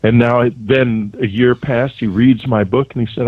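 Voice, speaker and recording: A male author, a guest on a radio show, recounting events in a halting way, searching for words. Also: medium pitch, steady tone, no room sound. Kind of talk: phone interview, personal recollection. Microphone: telephone. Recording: tinny phone line.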